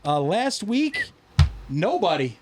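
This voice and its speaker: A man co-hosting a podcast, chatting casually, telling animated stories with frequent swearing and laughter. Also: sits high, slow, husky. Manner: animated storyteller, swears freely, laughs often. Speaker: podcast co-host. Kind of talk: casual chat.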